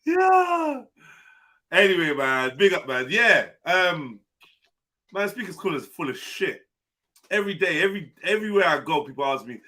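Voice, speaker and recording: A man hosts a casual live-stream panel, animated and incredulous, ribbing people with street slang. His voice sits high for a man and has a bright, forceful edge. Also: a little fast. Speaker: live panel show host.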